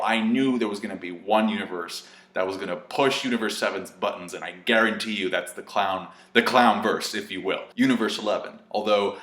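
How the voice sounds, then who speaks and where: A man with a fairly low voice talks through an anime episode in a loose, rambling way. He swears casually and keeps dropping fillers and side remarks. The sound is roomy, with a noticeable echo. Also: bright, forceful tone. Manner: chatty, profane, full of fillers and asides. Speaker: anime reviewer. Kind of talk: casual video review. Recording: echoey room.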